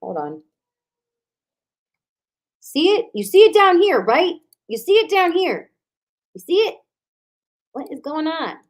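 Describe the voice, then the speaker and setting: Animated woman hosting a live workshop. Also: very high voice, slow, pauses often. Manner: chatty, animated, talks straight to viewers and mutters to herself when slides fail. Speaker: online marketing coach hosting a live workshop. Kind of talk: live-streamed workshop talk.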